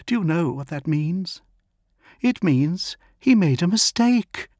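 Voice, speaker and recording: A man's voice: high-pitched, lively intonation, slow, a little mellow, no room sound, clean studio sound, pitched above the performer's own voice, exaggerated voice. A man voicing an indignant, reproachful woman. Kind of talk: audiobook character voice.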